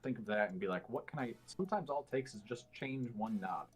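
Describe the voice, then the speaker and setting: A man's voice: medium pitch, expressive, fairly quick, husky, soft background music. A man in casual podcast chat, explaining things at length with many fillers and restarts. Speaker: podcast guest.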